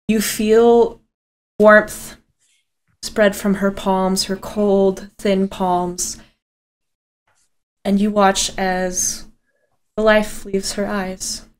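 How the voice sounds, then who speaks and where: A woman game master narrating a tabletop game with intensity, swearing freely and dropping low for solemn moments. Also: flat delivery, drawn-out words, long pauses.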